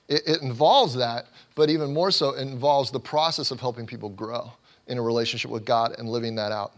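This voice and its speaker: A man's voice: medium pitch, a bit bright. An earnest male pastor delivering a sermon in an ordinary mid-range voice. He drives his points home with repeated phrases and often restarts a word before pressing on. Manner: earnest, emphatic repetition with frequent restarts.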